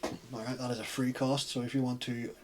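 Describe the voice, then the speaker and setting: A man acting as storyteller, narrating a tabletop role-playing game with steady, descriptive scene-setting. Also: medium pitch, fairly quick.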